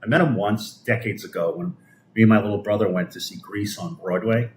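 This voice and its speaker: A middle-aged man from Brooklyn, New York, swears heavily and sneers through a political rant on a live stream, repeatedly tripping and starting over. His voice runs on the low side, in reverberant sound.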